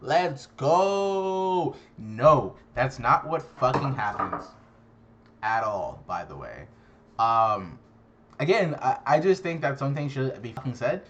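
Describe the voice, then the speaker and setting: Young man, casual recap, swears a lot, exasperated, self-mocking, mid-pitched voice, slightly muffled lo-fi sound. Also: sing-song, a little slow, fairly bright tone, a little hiss or hum. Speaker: card game content creator.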